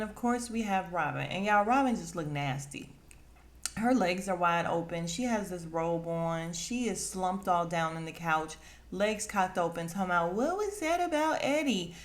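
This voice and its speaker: Sassy woman recapping reality TV gossip. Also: lowish voice. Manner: sassy and animated, acts out the cast's lines in quick bursts. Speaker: podcast host recapping a reality show.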